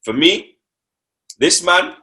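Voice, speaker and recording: A man's voice: high-pitched, expressive, slow pace, sharp tone. A young man, talking football on a casual podcast, slangy and repeating himself for emphasis.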